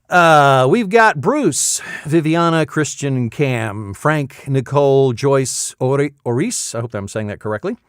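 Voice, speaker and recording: A man's voice: mid-range voice, expressive, takes it slowly, smooth, no echo, clean studio sound. A man in his fifties, a voice actor hosting his weekly vlog from his insulated home booth, chatting casually and slipping into playful game-show hype. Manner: playful, chatty, breaks into mock announcer hype. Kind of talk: casual chat with a hammy game-show giveaway.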